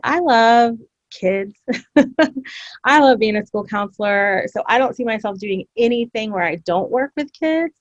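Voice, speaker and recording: Chatty Southern woman, a bit high. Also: lively intonation, unhurried, no echo, lo-fi sound. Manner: chatty, upbeat, laughs often. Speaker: school counselor, podcast guest. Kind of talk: casual interview chat.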